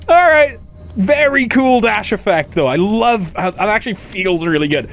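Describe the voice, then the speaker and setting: A man giving casual, excitable commentary while playing a video game, laughing often. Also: sits high, a little slow. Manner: excitable, laughing, chatty asides. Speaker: gaming channel host.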